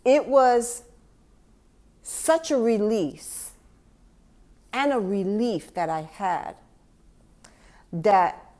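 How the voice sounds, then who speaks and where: A woman hosting a podcast, speaking gently and from the heart to the listener as a grieving mother reflecting on loss. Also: mid-range voice, very slow, pauses often. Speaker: podcast host. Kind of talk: personal reflective monologue.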